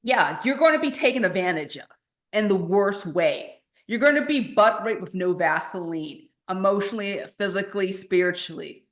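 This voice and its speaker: A woman's voice: medium pitch, animated, normal speed. Woman guest coach, mid voice, emphatic and frank, echoey room recording. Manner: emphatic and frank, with restarts and slang. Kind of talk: casual podcast conversation.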